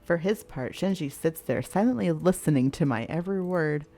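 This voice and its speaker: Low-voiced woman streamer reading a game. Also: normal speed. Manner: expressive, swears freely, laughs at the story. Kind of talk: reading a visual novel aloud with commentary.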